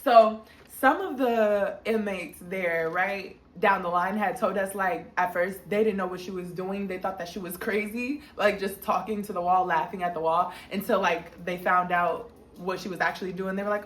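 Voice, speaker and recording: Animated woman telling a story, echoey room. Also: moderate pace, few pauses, slight background noise. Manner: animated, slangy, acts out quotes in a high voice. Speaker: storytime vlogger. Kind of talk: casual storytime narration.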